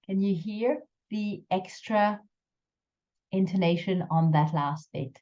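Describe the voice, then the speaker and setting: Female language teacher, slow and deliberate delivery, lowish voice, dull lo-fi recording. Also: mellow. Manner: slow, careful explanations with drawn-out French examples. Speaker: French teacher. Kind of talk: recorded pronunciation lesson.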